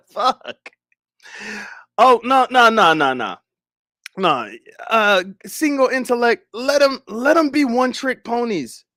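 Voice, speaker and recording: A young man hosting a livestream, chatting casually with viewers, animated and swearing, often laughing. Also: extremely high pitch, slow, pauses often, no echo, studio quality. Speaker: livestream host. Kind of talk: casual stream chat.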